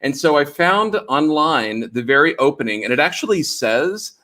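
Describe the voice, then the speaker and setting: A man's voice: a little high, lively intonation, normal speed, bright, forceful tone. A man from Dallas co-hosting a live-streamed chat show, rambling enthusiastically through notes and clips. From Dallas, Texas. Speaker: co-host and producer. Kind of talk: casual livestream chat.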